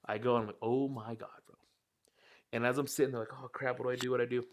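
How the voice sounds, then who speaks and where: A man's voice: medium pitch, little pitch movement, rapid-fire, slight background noise. A young man in casual podcast chat, telling a rambling story with plenty of swearing.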